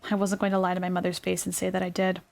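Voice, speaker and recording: A young adult woman reading her own novel aloud in a quiet, gentle ASMR narration, with small self-corrections. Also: on the low side, monotone, racing, creaky. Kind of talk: soft-spoken ASMR story reading.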